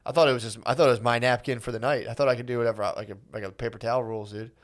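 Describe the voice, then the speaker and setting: A man's voice: medium pitch, steady tone, rapid-fire. A laid-back young man co-hosting a podcast, swearing and saying "dude" in casual chat. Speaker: podcast co-host.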